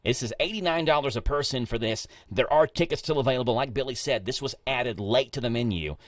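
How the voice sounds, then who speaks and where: Kentucky male host, mid pitch, joking and casual, slightly distant from the mic. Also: fairly quick, no echo, clean studio sound. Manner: chatty, jokey, stumbles over fancy words. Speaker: radio show host. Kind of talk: casual radio interview.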